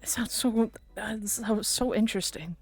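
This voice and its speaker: A woman's voice: fairly high pitch, normal speed, creaky, no room sound, faint music behind. A woman streamer chatting casually with her viewers, rambling and laughing often. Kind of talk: casual livestream chat.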